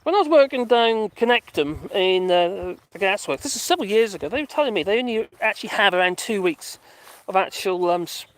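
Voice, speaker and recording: A man's voice: high-pitched, lively intonation, fairly quick. A man chatting casually and rambling through a live stream on a dog walk, reading out viewer comments and talking to his dogs. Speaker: vlogger reading live chat.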